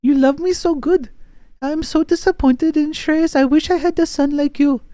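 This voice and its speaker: Guy putting on a high falsetto mom voice, flirty and clingy, dry close sound. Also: fairly even intonation, moderate pace, dark tone, no room sound. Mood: swooning. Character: flirty middle-aged mother, doting and needy.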